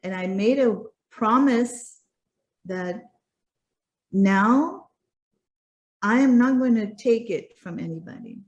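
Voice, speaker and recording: A woman's voice: a little high, animated, slow pace, pauses often, a little mellow, highs cut off. Earnest woman telling a personal story. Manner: earnest, repeats words for emphasis. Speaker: guest speaker.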